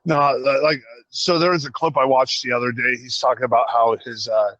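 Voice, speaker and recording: A man's voice: medium pitch, fairly quick, dry recording, highs cut off. A man co-hosting a casual podcast, telling stories and acting out voices as he goes. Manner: animated storyteller, acts out voices. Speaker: podcast co-host. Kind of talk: casual chat.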